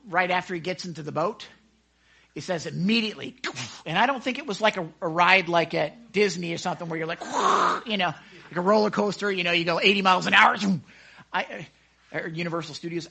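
A man leading a casual Bible study into a microphone, excitable and chatty, often acting out the scenes he describes. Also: high-pitched, fast, gravelly. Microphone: handheld microphone.

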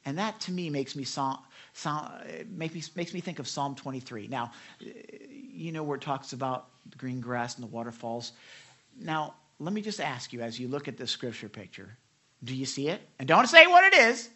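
Bright-voiced preacher, animated. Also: male voice, medium pitch, normal speed, slightly rough. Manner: animated, acts out quotes, laughs, many restarts. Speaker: pastor. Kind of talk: sermon. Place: church hall with live audience.

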